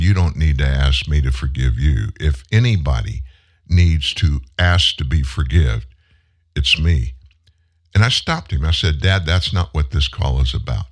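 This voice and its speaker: A man in his seventies hosting a show, telling a personal story in an earnest, heartfelt way and pausing for emphasis. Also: low voice. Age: 70s. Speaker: show host. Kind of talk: personal monologue on a live commentary show.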